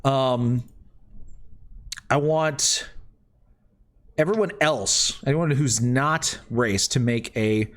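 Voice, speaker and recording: A man's voice: mid-range voice, extremely slow, pauses often. A man narrating a tabletop game as game master, loose and rambling with many fillers.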